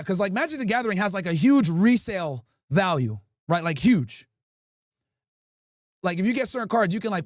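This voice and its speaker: High-voiced man telling a rambling story. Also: no room sound, clean studio sound. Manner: profane, rambling, says "right?" often. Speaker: livestream host. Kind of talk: casual storytelling monologue.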